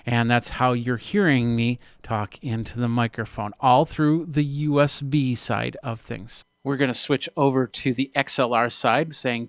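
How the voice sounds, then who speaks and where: A man in a relaxed product demo, talking through each step with the odd "uh". His voice sits at a middle pitch and comes across close and dry. There is no room echo at all. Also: moderate pace, clear, resonant tone. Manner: explanatory, walks through steps with fillers. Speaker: tech reviewer. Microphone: studio podcast mic close to mouth.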